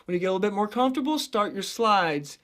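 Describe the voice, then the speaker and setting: A male vocal coach from central Illinois talks through a singing lesson in a loose, chatty manner, explaining technique plainly. He readily drifts into light, high head-voice demonstrations, and his delivery is expressive and quick, with a bright, forceful tone.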